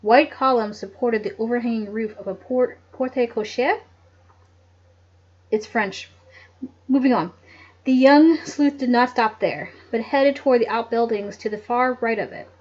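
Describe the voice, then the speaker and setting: A woman's voice: fairly high pitch, a little slow, a little mellow. A woman reading a mystery novel aloud at home, breaking off for giggly, chatty asides. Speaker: audiobook reader. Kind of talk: casual read-aloud with asides. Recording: dull lo-fi home recording.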